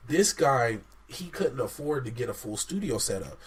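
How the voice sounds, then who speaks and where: A man's voice: mid-range voice, sing-song, moderate pace, slight background noise. A man co-hosting a podcast in casual chat, stuffy and congested, laid-back and repeating himself for emphasis. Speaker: podcast co-host.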